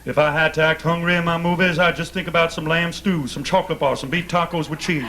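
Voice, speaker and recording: A man's voice: fairly high pitch, steady tone, quick pace, heavy background noise, close to an everyday voice. A man doing a dim, boastful dead rock king. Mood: rambling boastful. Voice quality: slightly raspy. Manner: rambling, mangles names, drawling. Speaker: radio host doing an impression. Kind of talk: comedy bit on radio.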